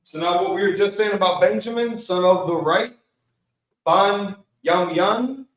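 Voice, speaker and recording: Relaxed man teaching, echoey and distant. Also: sits high, a little fast. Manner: casual, relaxed teaching with slang. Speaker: Bible Hebrew teacher. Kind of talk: online Bible study class. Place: Milwaukee, Wisconsin. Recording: echoey room, voice from far off the mic.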